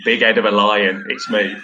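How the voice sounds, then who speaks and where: A man's voice: mid-range voice, dull audio, very noisy. A middle-aged man and former footballer, telling self-deprecating stories in a rambling, casual way.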